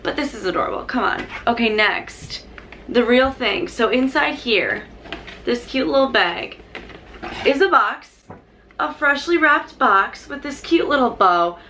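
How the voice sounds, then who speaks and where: A young woman vlogging an unboxing, gushing and bubbly, peppering her talk with "literally" and "like", her pitch jumping high when she is thrilled. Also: lively intonation, unhurried, sharp tone, slight background noise. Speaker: YouTuber. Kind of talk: excited unboxing vlog.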